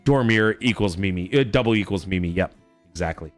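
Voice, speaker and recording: A man streaming a game, speaking briskly in a low voice, tells animated stories about his toddler in a casual chat full of swearing. The recording is dry, with faint music behind.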